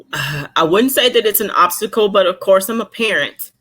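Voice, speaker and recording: A woman's voice: mid-range voice, unhurried. A woman in her forties, a romance author chatting as an interview guest, telling stories and acting out the voices of others over a video call. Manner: animated storyteller, acts out voices of others. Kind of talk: casual interview chat.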